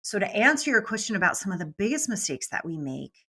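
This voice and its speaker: A middle-aged woman, a business mentor guest, talking in a casual, animated way and acting out quoted voices. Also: mid-range voice, fast, husky. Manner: animated, acts out quoted voices, laughs often. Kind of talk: casual interview talk.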